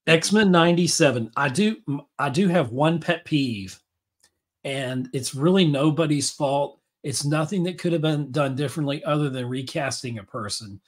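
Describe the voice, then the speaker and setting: A man's voice: fairly high pitch, normal speed, slightly rough. A man hosting a podcast, talking in a rambling, enthusiastic way with many fillers and restarts. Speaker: podcast host. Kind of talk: casual chat.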